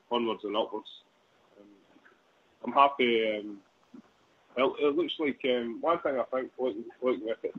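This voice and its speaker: Male caller, rambling and full of ums, heard over a tinny phone line with a little hiss. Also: fairly low pitch. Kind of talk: casual phone-in chat.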